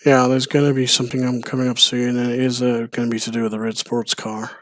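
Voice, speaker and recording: A man's voice: medium pitch, monotone, quick pace. A man giving playful, rambling commentary on a video game, with frequent chuckles. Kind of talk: let's play commentary.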